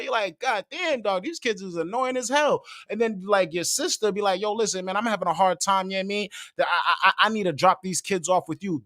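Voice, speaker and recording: A man hosts a live show and rants in slangy, casual talk, worked up and restarting his sentences. His voice sits a touch high and swings widely in pitch. The sound is close and dry, with little room. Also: no echo. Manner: animated, slangy, restarts and fillers. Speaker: podcast host. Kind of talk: casual commentary.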